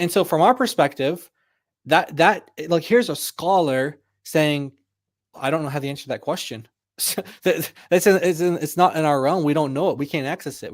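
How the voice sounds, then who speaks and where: A man hosting a casual online discussion, chatty and quick to laugh as he reads out clips. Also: a little high. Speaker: discussion group host.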